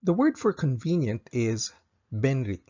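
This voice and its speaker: Male language tutor: husky, gravelly, patient, repeats each phrase twice, dull lo-fi recording. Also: mid-range voice, sing-song, mellow. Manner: slow, careful, repeats each example twice for practice. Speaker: Japanese language teacher.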